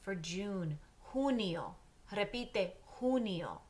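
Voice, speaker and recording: A woman teaching Spanish to children, patiently saying words and pausing for her class to repeat them, mixing English and Spanish. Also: fairly low pitch, fairly bright tone. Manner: patient, pauses for repetition. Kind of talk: slow drill lesson for children.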